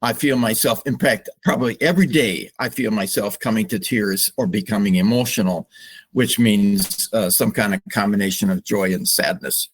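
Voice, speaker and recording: An older man, a psychologist guest on a podcast, speaking slowly and reflectively with open emotion. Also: fairly low pitch, slightly rough. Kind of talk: podcast interview.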